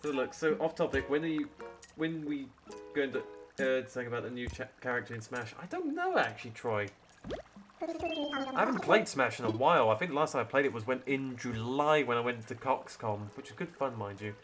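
A man's voice: mid-range voice, sing-song, normal speed. A man chatting casually with his live-stream audience while playing a game, joking and reacting between dialogue reads. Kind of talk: casual live-stream chat over gameplay. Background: loud game music.

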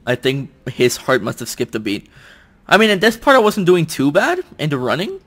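Excitable young man yelling over a game. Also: on the high side, moderate pace. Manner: excitable, shouts and groans in frustration, jokes at himself. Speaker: YouTuber playing a video game. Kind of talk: let's play commentary. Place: at home. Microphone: desk microphone.

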